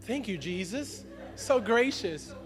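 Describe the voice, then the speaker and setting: A man's voice: sits high, animated, takes it slowly. A man in his thirties preaching a sermon as a pastor, conversational and laughing often as he speaks to the congregation. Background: music.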